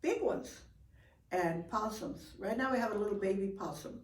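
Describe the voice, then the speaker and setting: An older woman telling a folk story in a lively, expressive way, with gasps for effect. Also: mid-range voice, moderate pace. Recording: roomy, from far off.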